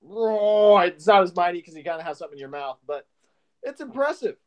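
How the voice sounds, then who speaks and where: A man running a tabletop game as dungeon master, narrating in an animated way and laughing often. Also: high-pitched, fairly quick, muffled recording.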